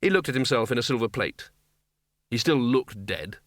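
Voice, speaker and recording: A man reads a comic fantasy novel aloud in a wry, measured way. His voice is bright and clear. The recording is close and dry, with no room sound. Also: medium pitch, expressive, dry recording. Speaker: audiobook narrator. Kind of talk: scripted narration.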